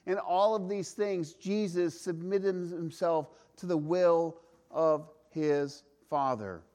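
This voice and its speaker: A pastor preaching a sermon, earnest and emphatic, slowing for weight and firing off rhetorical questions. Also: male voice, on the high side, a little mellow.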